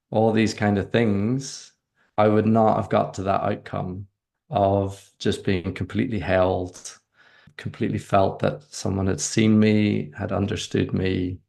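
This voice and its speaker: A man with a low voice and a deep gravelly rasp. He is a podcast guest telling a reflective personal story. He talks haltingly, with many restarts and fillers. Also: a little mellow.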